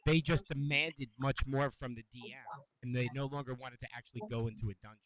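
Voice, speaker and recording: Brief: male co-host, bright edge, wry and measured, dull lo-fi mic. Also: mid-range voice, fairly even intonation. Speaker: podcast co-host. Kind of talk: casual chat among friends.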